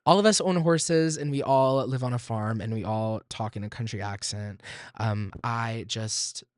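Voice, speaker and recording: A man's voice: medium pitch, a little slow, no room sound, clean studio sound. A young man from Texas in his twenties hosting a solo podcast, chatty and self-deprecating, breaking into sudden squeals and laughs. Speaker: podcast host.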